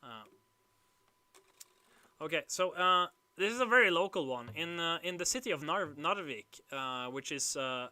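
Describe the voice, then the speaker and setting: A man's voice: a little high, lively intonation, moderate pace, bright, forceful tone, dry recording. A young man, chatting casually on a livestream, hesitant and rambling with many fillers. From Norway. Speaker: livestream host.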